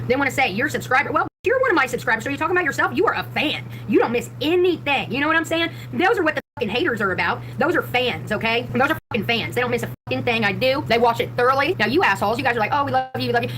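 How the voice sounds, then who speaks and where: Host donna, del Midwest americano, parlata rapidissima e sboccata, tono aggressivo in diretta. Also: female voice, high voice, fairly bright tone, a little hiss or hum. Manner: brash, profane, combative. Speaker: livestreaming YouTuber. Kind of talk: casual livestream rant.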